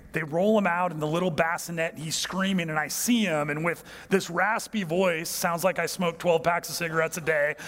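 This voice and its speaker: A male pastor with a notably high voice, preaching a sermon that moves between lively storytelling and hushed, low emphasis. His voice rings out with the long reverb of a large hall.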